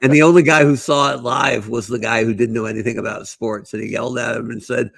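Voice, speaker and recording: A man's voice: mid-range voice, steady tone, quick pace, vocal fry, few pauses, no room sound. A man co-hosting a casual podcast who tells stories with animation and laughs often. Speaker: podcast co-host.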